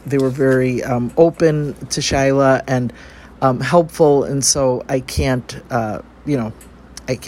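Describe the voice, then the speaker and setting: A man's voice: medium pitch, slight background noise. A man talking casually about life abroad in a travel vlog, rambling along with many fillers and restarts. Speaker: travel vlogger. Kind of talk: casual spoken travel diary.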